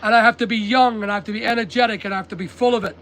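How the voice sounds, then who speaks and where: An older British man chats on a livestream in a blunt, plain-spoken way, answering viewers as he works. His voice sits fairly high for a man. A faint hum of background noise runs under the talk. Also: fairly even intonation, very fast, a bit bright, rough recording. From United Kingdom. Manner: blunt and chatty, reads out viewer comments. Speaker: online seller livestreaming. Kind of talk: casual livestream chat. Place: stock depot at a packing table.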